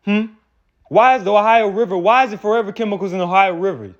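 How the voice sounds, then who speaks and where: A street preacher with a high voice talks fast, delivering a heated, profane rant in which he keeps repeating and restarting words. The recording is dull and lo-fi.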